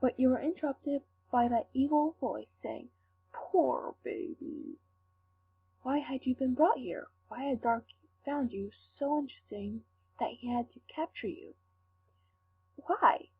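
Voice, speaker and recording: A woman reading fan fiction aloud, slowly and carefully. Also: high voice. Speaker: fanfic reader. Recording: tinny lo-fi with faint hum.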